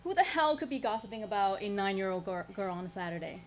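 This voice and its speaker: A woman's voice: mid-range voice, lively intonation, fast talker, hardly any pauses, a little hiss or hum. A woman performing a personal story live at a storytelling showcase, with a wry, humorous delivery and dry asides.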